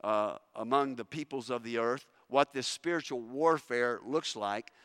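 Forceful preacher in a big hall. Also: male voice, medium pitch, measured pace, smooth, studio quality. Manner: emphatic, repeated restarts. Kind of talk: sermon. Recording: long reverb of a large hall.

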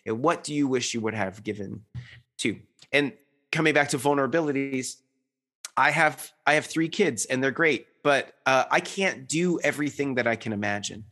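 A man's voice: medium pitch, normal speed, sharp tone. A man in his thirties talking in an earnest, rambling way, full of restarts and fillers, as a guest in a reflective conversation.

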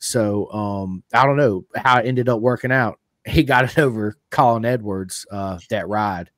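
A man's voice: fairly low pitch, a little slow, fairly bright tone, dry recording, clean studio sound. A middle-aged man hosting a podcast, chatting in a rambling, enthusiastic fan's way. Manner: enthusiastic, rambling fan talk. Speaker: podcast host. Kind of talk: casual interview chat.

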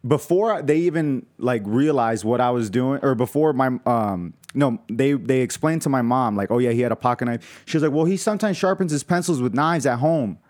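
A man's voice: medium pitch, normal speed, few pauses, a little mellow. A young man in casual chat, telling a story in a loose, slangy way full of "like".

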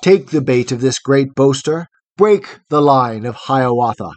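A man voicing a mighty male sturgeon, the king of fishes, who gives calm, commanding orders in a storybook poem. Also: mid-range voice, measured pace, dry recording, lightly acted.

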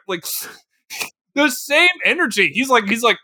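A man's voice: very high-pitched, measured pace. A young man co-hosting a comedic movie review podcast, riffing casually and acting out silly voices. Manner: animated, acts out silly voices for characters. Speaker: podcast co-host.

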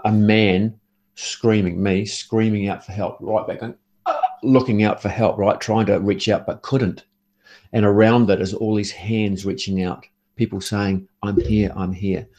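Middle-aged man, low gravelly voice, earnest ex-negotiator who restarts his sentences a lot. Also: darkish tone. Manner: earnest, repeats and restarts words often. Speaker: former police negotiator and author. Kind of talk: interview storytelling.

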